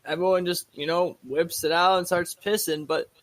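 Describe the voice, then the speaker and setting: A man's voice: fairly high pitch, fairly even intonation, normal speed, no echo. A young man co-hosting a podcast in casual chat, laid-back and rambling, swearing freely. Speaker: podcast co-host.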